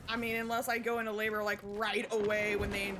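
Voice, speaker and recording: A woman's voice: mid-range voice, little pitch movement, brisk, heavy background noise. A woman streaming live, chatting casually with her viewers while she plays, candid and swearing often, repeating herself. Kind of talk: casual chat while gaming. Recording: loud game music under voice. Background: loud game music.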